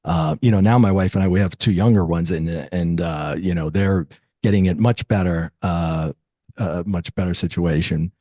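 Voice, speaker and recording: A man in his fifties, a metaphysical teacher, telling a personal story as an interview guest, reflective and lively when he quotes others. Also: low voice, normal speed, dry recording.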